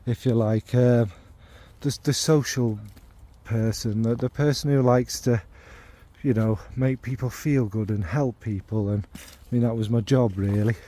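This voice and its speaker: His voice is warm and mellow at an ordinary pitch, with fairly even intonation. He's a middle-aged fragrance vlogger from the North Midlands of England, giving a casual monologue that strays into asides, leans on ums, and often turns the joke on himself.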